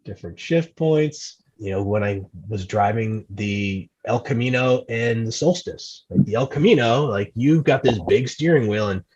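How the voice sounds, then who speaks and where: A man's voice: mid-range voice, expressive, moderate pace, hardly any pauses, darkish tone, breathy edge, muffled recording. A man talking as a guest in a casual podcast chat, telling stories in a chatty way and often repeating words.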